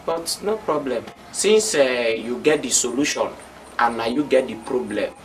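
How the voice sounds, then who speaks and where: A man's voice: medium pitch, animated, a little slow, far from the mic, a little hiss or hum, lightly acted. An actor playing a teasing co-worker who coaxes his friend, speaking with a Nigerian Pidgin accent.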